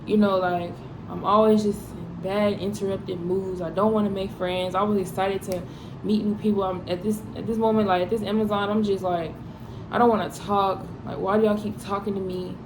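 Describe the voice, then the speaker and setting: A woman's voice: medium pitch, flat delivery, normal speed, noisy background. A young woman vlogger talking candidly and emotionally about burnout, rambling with lots of fillers in a confessional way. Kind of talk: candid personal talk to camera.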